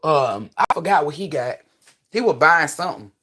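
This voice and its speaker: Woman host, casual live stream, swings pitch a lot, swears freely, rambles. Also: normal speed. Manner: animated, profane, rambling storyteller. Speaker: livestream host. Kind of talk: casual livestream storytelling.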